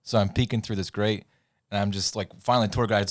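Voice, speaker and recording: A man's voice: on the low side, fairly even intonation, fairly quick, dry recording, clean studio sound. A man co-hosting a podcast, telling stories in a rambling, laughing way and losing his words now and then. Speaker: podcast co-host. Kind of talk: casual podcast chat.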